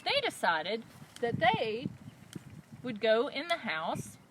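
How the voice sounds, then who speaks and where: Casting: female children's librarian, high and very lively storytime voice, noisy recording. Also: slow pace. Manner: expressive, lively storyteller voice for kids. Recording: loud background noise.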